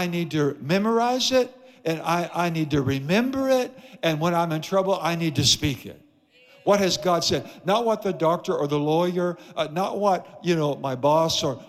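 A man's voice: fairly high pitch, big-room sound. A man preaching a sermon as pastor in a church, emphatic with repeated phrases. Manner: emphatic, repetitive preaching cadence. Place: church sanctuary.

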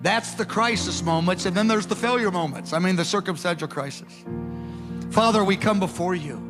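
Guy preaching a sermon, pretty high voice, fired up then quiet prayer, soft music underneath. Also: normal speed. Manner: impassioned, swinging from loud urgings to soft prayer.

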